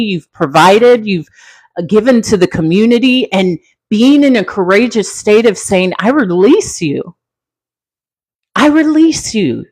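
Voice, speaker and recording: A woman's voice: dry recording, rough recording. A middle-aged woman from Central California, hosting a casual livestream, talking in a heartfelt, reflective way and answering comments. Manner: heartfelt, reflective, wide pitch swings, laughs easily. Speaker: livestream host, former flight attendant.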